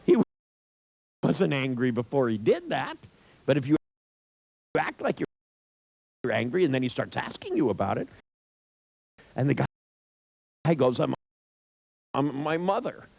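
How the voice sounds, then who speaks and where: Gravelly, wry man telling a profane story. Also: mid-range voice, very animated, unhurried, pauses often, darkish tone, no echo, rough recording. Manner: wry, irreverent, swears freely.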